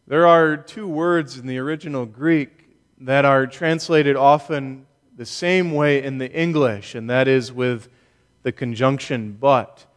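A pastor preaching a Sunday sermon, measured and emphatic, with deliberate pauses. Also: male voice, fairly high pitch. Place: church. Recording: long reverb of a church hall.

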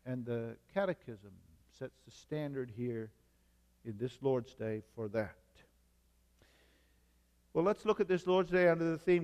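A man preaching a sermon as a pastor, measured, with emphatic repetition. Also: medium pitch, darkish tone, long reverb tail.

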